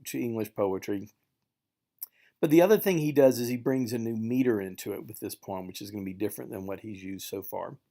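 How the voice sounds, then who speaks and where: A man giving a recorded poetry lecture to a class, relaxed and thinking aloud with fillers, sometimes tapping out rhythms with nonsense syllables. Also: medium pitch. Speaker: literature instructor.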